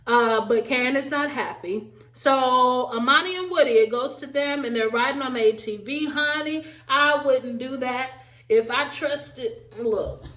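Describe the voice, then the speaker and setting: A woman with a fairly high voice recaps reality TV in a lively, sassy way, talking straight to her viewers. The room around her is echoey. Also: unhurried. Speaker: recap vlogger. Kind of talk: casual TV recap commentary.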